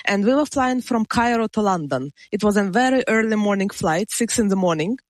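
A woman telling a story in a plain, measured way. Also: mid-range voice, lively intonation, darkish tone, no echo. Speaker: podcast guest. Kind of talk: casual storytelling.

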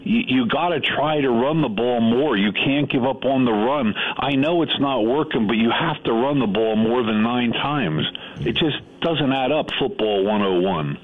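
A man's voice: mid-range voice, normal speed, few pauses. A man calling in to a sports radio show, talking in an exasperated way with stammering restarts. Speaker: radio caller. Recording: phone line.

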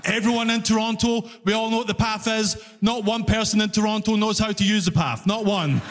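A man performing a stand-up comedy set, telling stories with animated delivery and shouted punchlines on a comedy club stage. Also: sits high, a little fast. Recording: reverberant live room, faint ambience.

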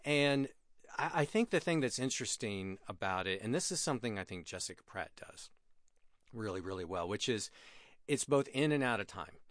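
A man's voice: fairly low pitch, animated, normal speed, fairly bright tone, no room sound, studio quality. A middle-aged man hosting a radio music show, chatting casually and enthusiastically about songs, often laughing at himself.

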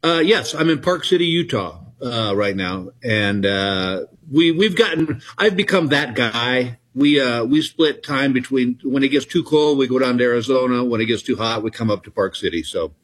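A middle-aged man, a comedian telling stories in an interview, halting and self-deprecating. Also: medium pitch, animated, breathy edge. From Texas. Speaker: comedian guest. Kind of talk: casual interview chat.

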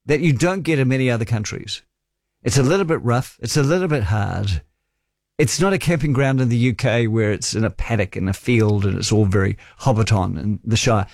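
New zealand man, talkback radio host, chatty storyteller, wry humour, mid-pitched voice, dry close studio sound. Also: darkish tone, dry recording.

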